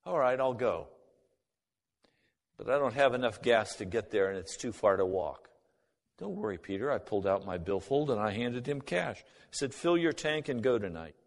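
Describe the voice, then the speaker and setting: Man, mid-pitched, storytelling testimony that acts out the dialogue, long hall reverb. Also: expressive, normal speed. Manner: acts out both sides of remembered conversations. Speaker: speaker giving a personal testimony.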